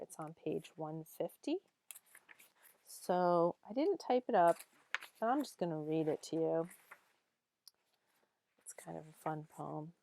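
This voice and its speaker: A woman teacher giving a recorded poetry lesson, unhurried, often pausing with ums as she reads lines aloud and marks the stresses. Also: lowish voice, mellow, no room sound. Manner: unhurried, explains meter by reading lines aloud and tapping out syllables; frequent ums while thinking.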